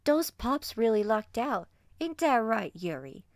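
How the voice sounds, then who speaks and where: A woman's voice: a little high, very animated, measured pace, no echo, studio quality, pitched above the performer's own voice. A woman voicing a big brash hyena woman with a Barks borough drawl, brassy and teasing, in a storybook reading.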